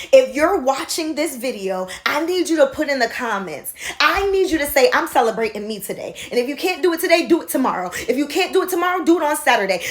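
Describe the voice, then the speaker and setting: Passionate, high-voiced woman motivational vlogger. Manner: passionate, swings between shouting and soft confiding. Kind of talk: motivational talk to camera. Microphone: handheld phone camera.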